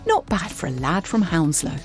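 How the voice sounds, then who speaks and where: An English woman presenting and narrating a documentary in a lively storytelling style. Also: lowish voice, normal speed. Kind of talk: scripted narration. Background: faint music.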